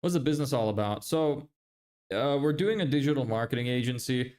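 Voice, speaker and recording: A man's voice: mid-range voice, animated, fairly quick, a little mellow. A young man chatting casually on a livestream, reading viewer messages, swearing and laughing often. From Ireland. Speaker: livestreamer and agency owner.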